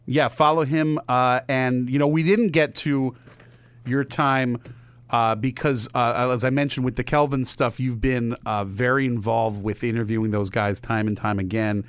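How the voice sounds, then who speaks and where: A man's voice: medium pitch, fairly even intonation, moderate pace, clean tone, no echo. A man hosting a podcast, chatting enthusiastically and rambling with restarts. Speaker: podcast host. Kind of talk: casual chat.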